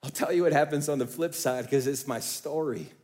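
A man preaching a sermon on stage, swinging from hushed, low phrases to loud, lifted ones. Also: fairly quick. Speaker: pastor.

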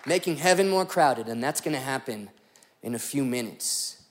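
A man's voice: medium pitch, lively intonation, normal speed, crowd noise, noisy background. A young man preaching a sermon as a pastor, joking and telling stories with animation.

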